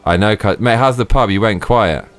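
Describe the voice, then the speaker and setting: A man's voice: on the low side, normal speed, smooth, faint music behind. A man streaming a game live, chatting casually, swearing freely and laughing often. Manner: profane, exclamatory, laughs often.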